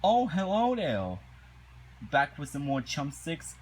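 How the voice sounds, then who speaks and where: A man doing a high, theatrical voice for a tiny scheming male cartoon villain. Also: huge pitch swings, slow pace, darkish tone, a little hiss or hum, heavily acted. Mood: sly. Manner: theatrical, whiny.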